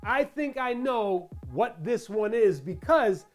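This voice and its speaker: A chatty host walks viewers through a crafting tutorial in voice-over. The delivery is playful, with asides and rhetorical questions aimed at the audience, all at an ordinary middle pitch. Soft music runs quietly underneath. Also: expressive, takes it slowly.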